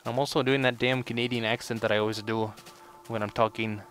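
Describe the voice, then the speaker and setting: A man's voice: medium pitch, level tone, brisk, a bit bright, slight background noise. A young man giving casual let's play commentary, rambling and full of "you know" fillers. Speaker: gameplay commentator.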